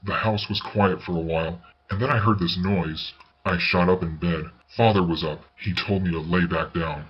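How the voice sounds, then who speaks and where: A man reading a ghost story aloud as narrator, in a measured, unhurried way. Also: deep voice, fairly even intonation, slightly rough. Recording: slightly dull recording with faint hiss.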